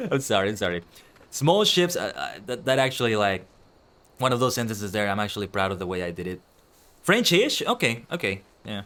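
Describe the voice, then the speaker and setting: A man's voice: on the low side, huge pitch swings, normal speed, a bit bright. A man streaming himself playing a game, chatting casually and rambling in a self-deprecating way. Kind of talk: casual gameplay commentary.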